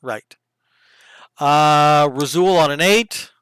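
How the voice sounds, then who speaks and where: A man running a tabletop game as game master, narrating combat in lively detail with the odd hushed aside. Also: fairly high pitch, very slow, smooth, no echo, rough recording.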